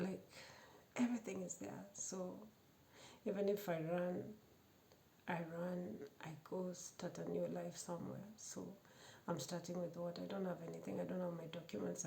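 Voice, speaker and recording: A woman with a low, gravelly voice tells her own testimony. Her tone is dark and mellow, and she repeats phrases and often sinks to a hushed whisper. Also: a little hiss or hum. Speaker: storyteller sharing a personal testimony. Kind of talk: emotional personal testimony.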